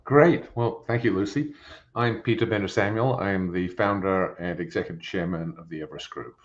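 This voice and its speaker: An older man with an English accent, a company founder introducing himself in a webinar with measured enthusiasm. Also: low-pitched. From England. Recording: muffled lo-fi audio with faint noise.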